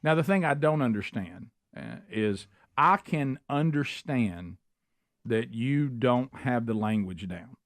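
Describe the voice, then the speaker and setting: A man's voice: mid-range voice, expressive, takes it slowly, no echo. A man hosting a radio talk show, chatting in an emphatic, rambling way. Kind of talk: casual talk-radio chat.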